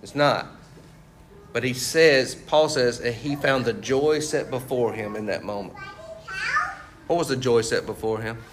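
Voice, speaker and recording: A man's voice: mid-range voice, a little slow, long pauses, a little hiss or hum. Man preaching with call-and-response questions. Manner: conversational preaching, quizzes the congregation with fill-in questions; tags points with "right?" and "you see what I'm saying?". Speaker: pastor. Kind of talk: sermon.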